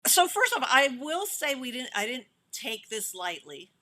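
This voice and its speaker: A middle-aged woman film director talking in a casual interview, animated, often laughing and restarting her sentences. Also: high-pitched, unhurried.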